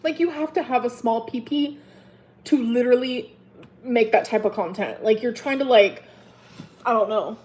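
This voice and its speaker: A woman in her thirties ranting angrily in a vlog, profane and heated, swinging between loud outbursts and low mutters. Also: normal speed, slight background noise. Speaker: vlogger.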